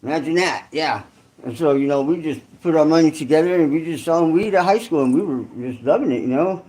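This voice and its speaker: High-voiced rambling, slangy man. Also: quick pace, darkish tone. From Santa Clara, California. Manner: rambling, slangy, many restarts and asides. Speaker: online creator host. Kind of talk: casual storytelling monologue.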